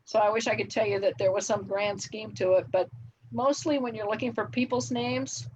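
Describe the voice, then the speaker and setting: An older woman, a television writer, telling relaxed anecdotes as an interview guest, laughing often between fillers. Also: mid-range voice, moderate pace, husky, rough recording. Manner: reminiscing, frequent laughs and fillers.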